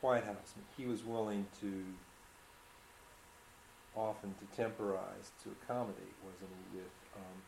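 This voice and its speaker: A man with a lowish voice asks thoughtful, leading questions, musing through his points before handing the floor over. He sounds like he is in an echoey room, with a faint hiss underneath. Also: little pitch movement, measured pace, gravelly, darkish tone. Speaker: interviewer, economist. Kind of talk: oral history interview.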